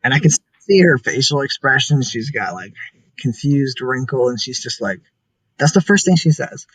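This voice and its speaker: A man's voice: mid-range voice, animated, moderate pace, fairly bright tone, husky, low-quality recording. A young man talking casually and earnestly as an interview guest, full of "like" fillers.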